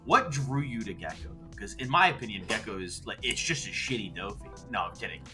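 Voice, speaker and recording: A man's voice: on the low side, animated, brisk, loud music behind the voice. A man hosting a podcast in casual chat, sympathetic and teasing, often laughing.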